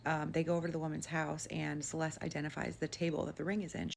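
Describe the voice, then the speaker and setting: Woman storyteller: low, gravelly, quick, conversational. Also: little pitch movement, slight background noise. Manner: conversational, with frequent filler "like". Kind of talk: casual retelling of a paranormal story.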